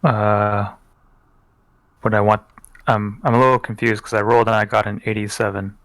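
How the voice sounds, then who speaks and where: A man playing in a tabletop game, speaking hesitantly with halting restarts. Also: fairly low pitch, little pitch movement, fairly bright tone, no room sound. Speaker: player.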